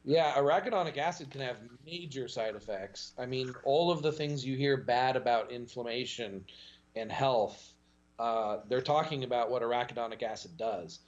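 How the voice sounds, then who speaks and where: A man talking as a podcast guest, in a casual, animated storytelling way. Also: normal speed, highs cut off. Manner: animated storytelling with pitch jumps and laughs.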